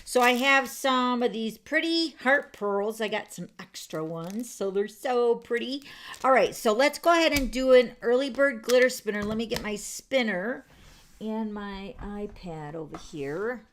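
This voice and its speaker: A woman's voice: fairly high pitch, a little slow, slight background noise. A woman hosting a card-making livestream, chatting casually and rambling with viewers, with lots of fillers and restarts. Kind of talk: casual live chat with viewers. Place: home craft room.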